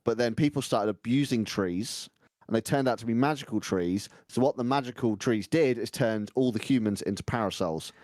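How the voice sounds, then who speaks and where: A man's voice: mid-range voice, normal speed, a little mellow, no room sound, studio quality. A man playing a tabletop game, rambling and playful. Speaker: player. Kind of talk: improvised tabletop role-play.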